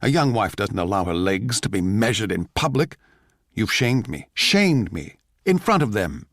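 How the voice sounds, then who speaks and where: A man's voice: on the low side, big pitch swings, moderate pace, a bit bright, no echo, clean studio sound. A man voicing a crude, petulant young composer with a foul-mouthed, boastful manner. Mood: outraged.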